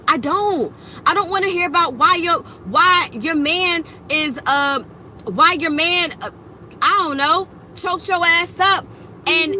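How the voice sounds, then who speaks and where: A woman giving a blunt, profane motivational monologue to her viewers, preachy and emphatic, swinging between loud bursts and low mutters. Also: measured pace, a little hiss or hum, low-quality recording. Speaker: spiritual vlogger.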